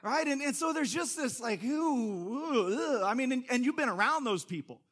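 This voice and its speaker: A man preaching a sermon as a pastor in a conversational, animated way, with quick asides to the congregation. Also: very high voice.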